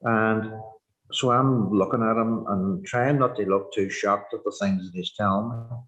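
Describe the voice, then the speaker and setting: Older Northern Irish man giving earnest personal testimony, lowish voice, halting delivery peppered with fillers. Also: a bit bright, muffled recording. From Northern Ireland. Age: 60s. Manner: halting, heavy with "you know" fillers; reflective and earnest. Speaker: former prisoner sharing his story.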